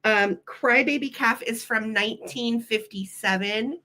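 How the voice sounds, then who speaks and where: A woman's voice: medium pitch, expressive, takes it slowly, a bit bright. A middle-aged woman hosting a live vintage sale, cooing over old children's books and running bids for her viewers. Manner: gushing, delighted, talks to chat viewers. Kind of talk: live auction chat, reading children's books aloud.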